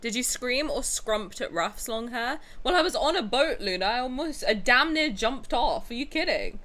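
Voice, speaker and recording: A young woman streams and chats to her viewers in an excitable, dramatic way, full of crude jokes. Her voice is bright and her pitch swings widely. She speaks into a desk mic at her streaming setup. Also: moderate pace. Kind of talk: casual livestream reaction chat.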